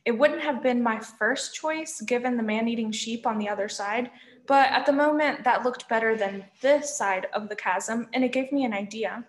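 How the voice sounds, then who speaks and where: A woman reading a novel aloud, narrating in a lively first-person voice, in an echoey room. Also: a little high, moderate pace. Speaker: reader.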